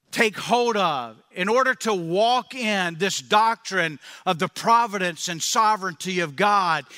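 A man's voice: sits high, bright, forceful tone, long reverb tail. A male pastor preaching a sermon with emphatic, repeating phrases, in a church.

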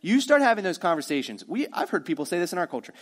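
A man preaching a sermon as pastor, energetic and conversational, with quick asides to the congregation. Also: high-pitched.

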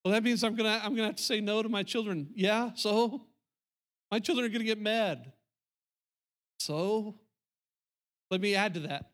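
A man's voice: high voice, moderate pace, long pauses, a bit bright. A middle-aged male pastor preaching a sermon, emphatic and repetitive, talking straight to the congregation.

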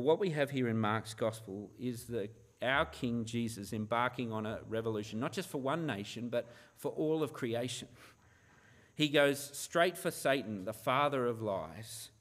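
A man's voice: mid-range voice, moderate pace, fairly bright tone. A man, a pastor, preaching a sermon in an earnest manner, often asking the listeners rhetorical questions.

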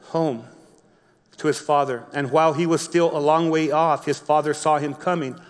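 A man preaching a sermon, reading a Bible story slowly and explaining it in his own words with frequent restarts. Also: a little high, fairly even intonation, long reverb tail. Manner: reads scripture slowly, then explains with repeated restarts. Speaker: pastor.

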